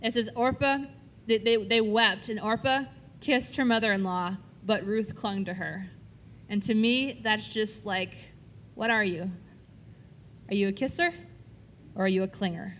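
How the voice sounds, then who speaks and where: A woman's voice: medium pitch, a little slow, a bit bright, a little hiss or hum. A woman leading a Bible study, reading verses aloud and explaining them in a casual, conversational way, often checking in with her listeners. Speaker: Bible teacher.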